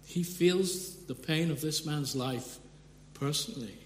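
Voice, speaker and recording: A man's voice: on the high side, a little slow. A man preaching a sermon in an earnest way, often restarting his sentences and rising sharply for emphasis. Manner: earnest, with frequent restarts and sudden emphatic rises. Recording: echoey hall with long reverb, faint hum.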